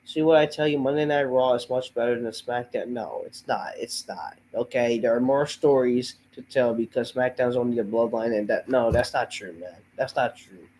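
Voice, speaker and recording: A man's voice: mid-range voice, moderate pace, hardly any pauses, darkish tone, slight background noise, poor audio. Fed-up male host, under the weather, profane and sighing through his rant. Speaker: host of a wrestling review show. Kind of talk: ranting show review.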